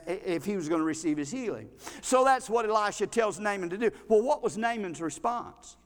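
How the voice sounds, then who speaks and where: A male pastor, preaching a folksy, animated sermon in a church, with frequent restarts. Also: high voice. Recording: long reverb of a hall.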